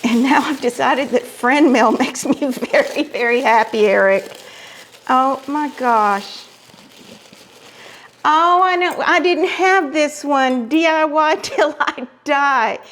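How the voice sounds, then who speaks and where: Woman craft vlogger, effusive and exclaiming, slow-paced and high-pitched. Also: fairly bright tone, slight background noise. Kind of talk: casual chat, unboxing mail.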